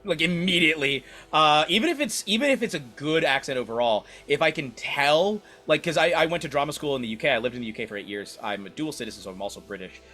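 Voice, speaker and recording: A man in casual podcast chat, speaking earnestly and haltingly, often restarting his sentences. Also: on the high side, lively intonation, pushed and bright, faint music behind.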